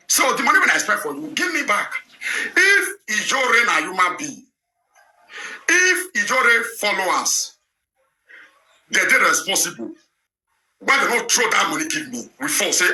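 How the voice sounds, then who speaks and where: Ranting Nigerian Pidgin man, bright and lively. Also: sits high, moderate pace, long pauses, roomy sound. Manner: ranting, firing rhetorical questions. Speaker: online show presenter. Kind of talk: heated live talk.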